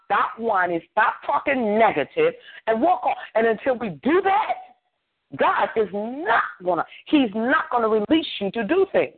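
A man's voice: sits high, no echo. A man leading a prayer line, exhorting with a fervent, repetitive preaching cadence over a phone call.

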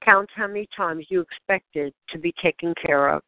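A woman leading a channeled spiritual guidance session, speaking in gentle, questioning prompts to the listener. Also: lowish voice, moderate pace, no room sound. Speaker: spiritual guide. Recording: dry, tinny phone-like sound.

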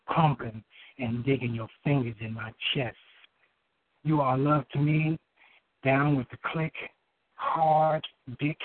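A man calls in and recites a spoken-word poem in a middle-pitched voice, stopping now and then to restart with fillers. The sound is thin and phone-like, with no room in it at all. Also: dry recording. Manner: halting, with many fillers and restarts between lines. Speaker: caller reading his poem. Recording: tinny phone line.

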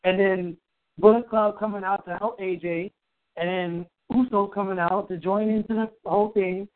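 A man co-hosting a wrestling podcast, talking casually and excitedly with a lot of swearing. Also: sits high, normal speed. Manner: profane, excitable. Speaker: podcast co-host. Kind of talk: casual chat. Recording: tinny phone-like sound.

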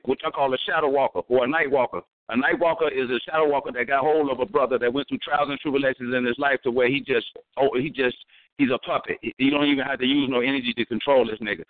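A man telling stories in a casual chat, animated and profane, repeating words as he thinks. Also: mid-range voice, dry recording. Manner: animated, acts out voices in his stories. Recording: tinny phone-like sound, dry.

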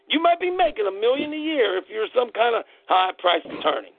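A man's voice: extremely high pitch, very animated, fairly quick, no echo. A man hosting an internet radio show, delivering a fired-up, profane political rant in angry bursts. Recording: tinny phone-line audio, dry.

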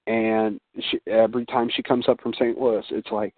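A man, a guest on a casual talk show, telling animated stories and jumping high in pitch for quoted voices. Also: normal speed, no echo. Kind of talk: casual chat. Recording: tinny phone-like sound.

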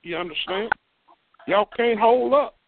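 A man's voice: sits high, unhurried, vocal fry. A man with an East Texas accent, a chat line caller arguing emphatically and lecturing, often repeating himself. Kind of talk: heated phone argument. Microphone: telephone. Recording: tinny phone line with static.

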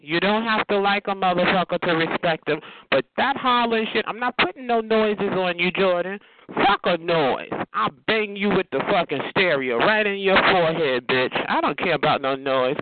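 A man's voice: high-pitched, lively intonation, moderate pace. A man ranting and taunting someone over the phone, insulting them and repeating their name again and again. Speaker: caller on a phone line. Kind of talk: profane taunting rant. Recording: tinny phone line with loud noise.

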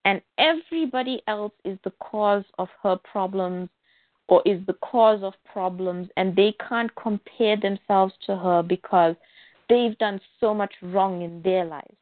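A woman's voice: medium pitch, unhurried, no echo. A woman co-hosting a casual comic book podcast, talking in an exasperated way and mockingly acting out the characters she complains about. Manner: exasperated, counts aloud, mimics characters mockingly. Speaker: podcast co-host. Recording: dry tinny phone-like sound.

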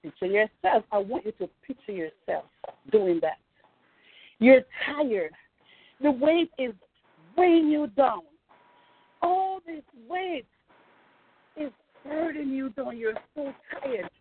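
High-voiced woman preaching over a phone line. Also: animated, takes it slowly, long pauses, a little hiss or hum. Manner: fervent, repeats phrases, calls out praise. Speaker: pastor.

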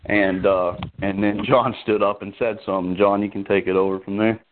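A man's voice: lowish voice, fairly even intonation, fairly quick, slight background noise. A man telling a story casually, in a conversational way with hesitant restarts. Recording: tinny phone-line audio.

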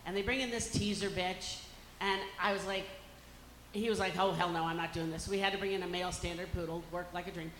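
A woman's voice: medium pitch, a bit bright, slight background noise. A woman performing a bawdy stand-up comedy set on a club stage. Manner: bawdy, brash punchlines. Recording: echoey club with reverb.

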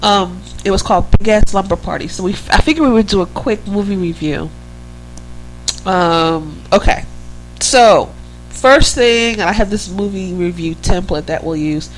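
A woman's voice: mid-range voice, normal speed, poor audio. Chatty woman podcaster, faint hum. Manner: chatty and rambling, laughs easily. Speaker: podcast co-host. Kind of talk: casual chat.

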